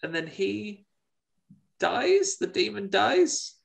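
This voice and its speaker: A man's voice: high voice, sing-song, takes it slowly, gravelly. A man co-hosting a casual film review chat, retelling scenes with comic quoted lines. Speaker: podcast co-host.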